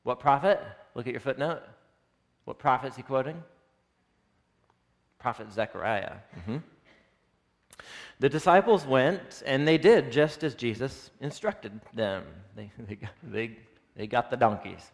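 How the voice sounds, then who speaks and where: Animated man teaching a Bible class. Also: medium pitch, measured pace, pauses often. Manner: animated, asks the audience questions. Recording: long reverb of a hall.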